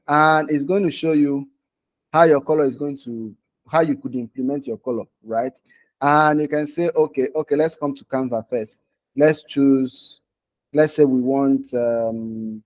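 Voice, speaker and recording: A man's voice: mid-range voice, darkish tone. A man teaching design in a casual live online lesson, talking while he clicks through screens and often checking in with "okay?" and "right?". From Nigeria. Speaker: design instructor.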